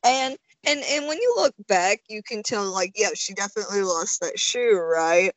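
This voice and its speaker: A woman's voice: medium pitch, animated, moderate pace, no room sound, low-quality recording. A woman co-hosting a casual film podcast, chatty and rambling, full of "like" and "you know". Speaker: podcast co-host.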